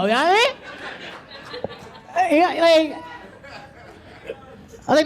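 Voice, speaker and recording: A woman's voice: extremely high pitch, sing-song, measured pace, pauses often, some chatter behind. A woman doing a stand-up comedy set with a loose, slangy, conversational delivery. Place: comedy club stage.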